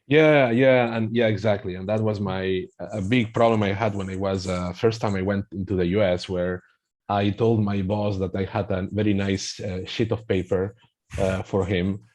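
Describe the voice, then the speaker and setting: A man with a Spanish accent, a native Spanish speaker, talks at the low end of his range with a mellow, dark tone. He walks through a pronunciation app in a webinar. His explanations are halting and full of restarts. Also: steady tone. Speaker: guest presenting a pronunciation app.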